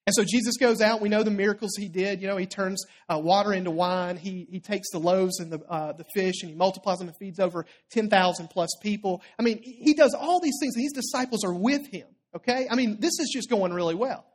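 A preacher retells a story in a loose, conversational sermon, checking in with the listeners as the story goes. The delivery rises for emphasis and then drops low and quiet for quoted words. The voice sits at a middle pitch. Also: fairly quick, hardly any pauses.

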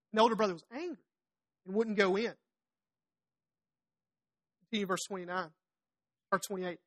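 A woman preaching a sermon, retelling the story with animated storytelling, acting out the characters' lines and tossing chatty asides to the congregation. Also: mid-range voice, moderate pace, pauses often.

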